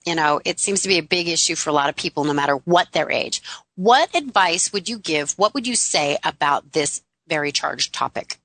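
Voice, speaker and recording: A woman's voice: low-pitched, animated, normal speed, fairly bright tone, no echo. A woman hosting a radio interview show, speaking in an upbeat, emphatic inspirational way.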